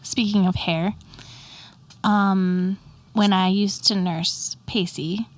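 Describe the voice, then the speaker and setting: A woman in her forties, a mother of a teenager co-hosting a podcast, telling family stories in a relaxed chatty way with "um" and "like". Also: medium pitch, slow, no echo. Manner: relaxed, warm-hearted storytelling with "um" and "like". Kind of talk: casual chat.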